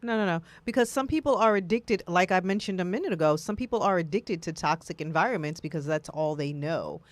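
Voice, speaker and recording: Animated woman in a dry close-mic talk. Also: fairly low pitch, brisk, no room sound. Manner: animated, acts out quoted voices. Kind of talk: casual talk show conversation.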